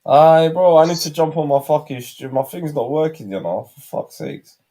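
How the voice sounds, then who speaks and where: A young man with a British accent, co-hosting a stream chat in a teasing, slangy, quick-fire way. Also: on the high side, lively intonation, mellow. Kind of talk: casual banter on a live stream.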